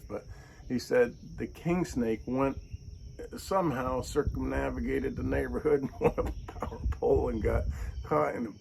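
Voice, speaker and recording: A man with a gravelly, middle-pitched voice tells a rambling story in a casual way. He gets animated and acts out the people he quotes. Faint crickets and insects chirp in the background. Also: slight background noise. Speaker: channel host.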